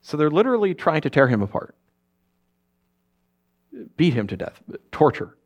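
A middle-aged man preaching a sermon as pastor, telling stories with a joking, animated manner and quick put-on voices. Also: on the high side, highs cut off.

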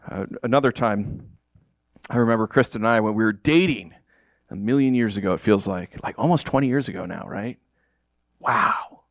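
A man in his thirties from upstate New York preaching a sermon, telling personal stories with lively, acted-out reactions. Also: fairly low pitch, normal speed, no room sound. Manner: animated storytelling, acts out shouted reactions. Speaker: pastor.

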